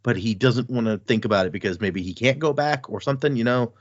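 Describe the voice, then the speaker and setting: A podcast co-host recaps a fantasy book chapter in casual chat, animatedly acting out characters' lines in quick voices as he goes. His voice is medium-pitched. The podcast audio is dull and dry, with no room sound.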